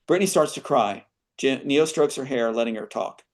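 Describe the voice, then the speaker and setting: A man reads his own screenplay aloud as an interview guest, pausing for earnest asides. His voice sits at an ordinary middle pitch. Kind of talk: reading and commenting on his screenplay.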